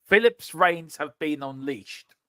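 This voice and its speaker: A man's voice: fairly high pitch, expressive, slow pace, sharp tone, smooth, no echo, clean studio sound. A man hosting a casual live stream, jokey and teasing, reading viewers' chat aloud over a remote call. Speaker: livestream show host.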